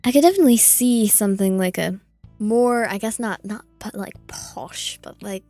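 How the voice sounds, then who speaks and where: A woman's voice: medium pitch, moderate pace, dark tone, faint music behind. A woman playing a tabletop game, chatting casually with hesitant, trailing sentences. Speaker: player.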